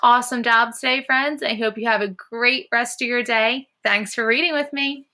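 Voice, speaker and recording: A woman teacher reading a storybook aloud to children, encouraging them and pausing to talk about the characters' feelings. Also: fairly high pitch, fairly even intonation. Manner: encouraging, warm praise to young listeners.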